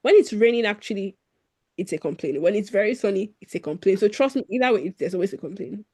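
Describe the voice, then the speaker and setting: Chatty woman, quick to laugh. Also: medium pitch, animated, a little mellow, breathy edge. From Nigeria. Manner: chatty, laughs often, acts out quotes. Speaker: guest. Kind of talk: casual conversation.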